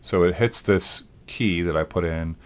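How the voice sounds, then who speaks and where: A male animation instructor in a recorded lecture, talking through his work aloud in a relaxed way, with frequent ums. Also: low-pitched, unhurried, smooth. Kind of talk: recorded lecture demonstrating software.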